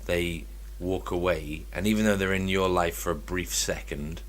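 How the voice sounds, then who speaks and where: A man's voice: low-pitched, fairly even intonation, normal speed. A man co-hosting a casual chat podcast, talking in a wry, teasing, joking way. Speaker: podcast co-host.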